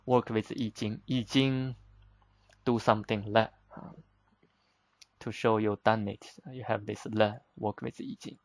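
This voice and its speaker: Slow, gravelly male language teacher. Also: lowish voice, level tone, darkish tone, no echo. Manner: patient, explains step by step with simple examples; plain, slightly broken English with frequent "uh". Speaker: Chinese teacher. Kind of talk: vocabulary lesson explanation.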